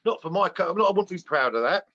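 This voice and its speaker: A man's voice: sits high, animated, fast, pushed and bright, lo-fi sound. A man, hosting a heated online debate, brash and rambling. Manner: brash, rambling, laughs at his own jabs. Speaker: host.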